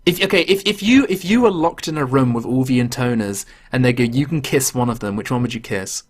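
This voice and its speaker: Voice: mid-range voice, expressive, brisk. A podcast host, telling a story in casual chat and swearing freely.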